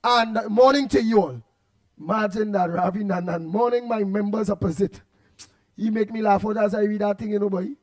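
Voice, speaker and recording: Trinidadian male radio host, very high pitch, animated and rambling. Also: fairly quick. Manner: animated, repetitive, laughs often, loud outbursts. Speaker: radio talk show host. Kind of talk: casual radio chat reading listener comments.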